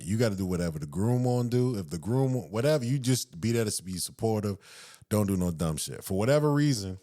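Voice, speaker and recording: A man in his thirties with a Southern US accent, a podcast host telling a profane story and acting out the quotes in raised voices. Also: deep voice. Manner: animated, acts out quotes in raised voices, profane, laughs often. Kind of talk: casual storytelling.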